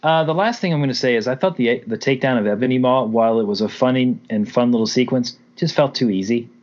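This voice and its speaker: A man talks through a film plot as a podcast co-host, animated and casual with a few swear words thrown in. His voice sits in a middle register. The recording sounds a bit dull and lo-fi. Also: medium pitch, fast talker. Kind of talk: casual movie review chat. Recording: dull lo-fi audio.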